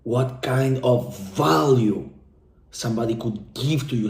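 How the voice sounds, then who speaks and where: Young man, dark mellow tone, fervent repetitive testimonial, echoey room. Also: mid-range voice. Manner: intense, profane, repetitive, speaks from the heart. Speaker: coaching client giving a testimonial. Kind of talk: emotional motivational testimonial.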